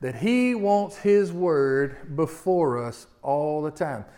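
A man preaching a sermon, teaching in a folksy way and reading scripture slowly with emphasis. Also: fairly high pitch, expressive, warm tone. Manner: folksy teaching, often asks "see what I'm talking about?". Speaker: pastor.

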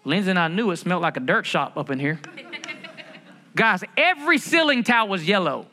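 A man preaching a sermon as pastor of a church, in a lively conversational way with humor and rhetorical questions. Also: high voice, normal speed. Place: church building.

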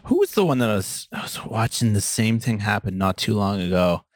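A man's voice: fairly low pitch, animated, brisk, dry recording, clean studio sound. A man co-hosting a casual music podcast, laughing often and telling rambling stories. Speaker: podcast co-host. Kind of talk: casual chat.

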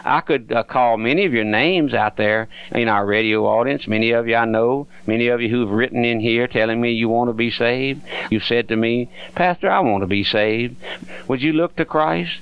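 A man's voice: medium pitch, normal speed, few pauses, clean tone, lo-fi sound. A man preaching a radio sermon, earnestly pleading with listeners and addressing them directly as his friends.

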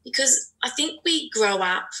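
Woman, parenting expert guest, bright tone, earnest, chatty explainer. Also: fairly high pitch, lively intonation, a little slow, low-quality recording. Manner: earnest, explanatory, many "you know" fillers. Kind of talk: conversational advice.

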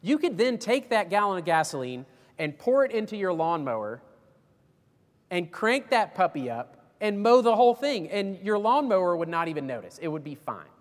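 A man's voice: high-pitched, very animated, moderate pace, in a large hall. A man preaching a sermon as pastor, folksy and emphatic, with homespun illustrations.

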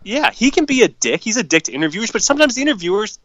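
Racing along in a high, sing-song voice with a fairly bright tone, this man co-hosts a casual hockey podcast, cursing openly and ranting with strong, fired-up views. The recording sounds muffled.

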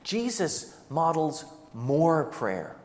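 A man's voice: fairly high pitch, sing-song, very slow, a little mellow. A man preaching a sermon as pastor, asking the congregation one rhetorical question after another. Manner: rhetorical questions, shifting pace. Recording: long hall reverb.

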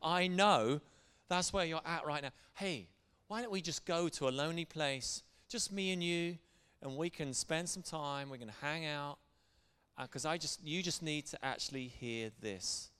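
A man's voice: fairly high pitch, a little slow, a bit bright, clear, resonant tone. Man preaching in a reverberant hall. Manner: earnest, conversational preaching. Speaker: pastor. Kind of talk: sermon.

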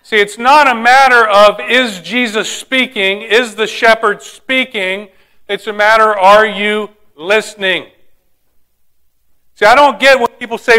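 Male preacher, high and bright, emphatic sermon delivery with rhetorical questions. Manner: emphatic, rhetorical questions, slows for key lines.

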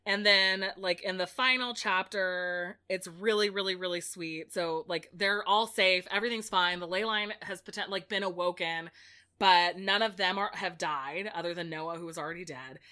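A woman's voice: lowish voice, moderate pace, bright, forceful tone. A woman in casual conversation, recapping a book in a chatty way, full of "like" and restarts. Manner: chatty, heavy use of "like", many restarts. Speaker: podcast co-host recapping a book. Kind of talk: casual chat.

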